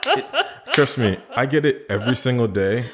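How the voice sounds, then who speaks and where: A man talking as a podcast guest in casual chat, telling animated stories and acting out other people's lines. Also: medium pitch, moderate pace. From Caribbean island family background.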